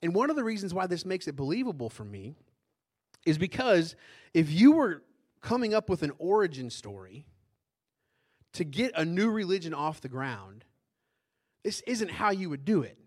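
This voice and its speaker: A man's voice: fairly high pitch, big pitch swings, moderate pace, pauses often, a little mellow. A middle-aged man preaching a sermon as pastor, in a conversational way that keeps asking the congregation questions.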